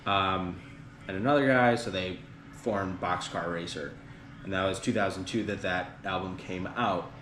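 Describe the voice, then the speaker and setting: A deep-voiced man chats on a podcast and drifts through a long story full of ums and likes. The room is echoey, with a clear layer of background noise under him. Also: normal speed. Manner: rambling, many fillers, retelling band history. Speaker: podcast host. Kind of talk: casual podcast chat.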